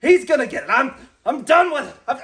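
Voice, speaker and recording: A man's voice: sits high, lively intonation, fairly quick, fairly bright tone. A man playing a male wrestling coach who rambles with lots of "uh" fillers and slides into boastful threats in a comedy sketch. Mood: menacing.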